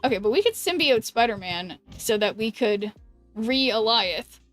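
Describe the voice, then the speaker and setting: A woman's voice: a little high, expressive, faint music behind. Woman streamer thinking aloud. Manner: thinks aloud, halting restarts, chats with viewers. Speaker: streamer playing a card game. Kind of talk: casual live-stream commentary.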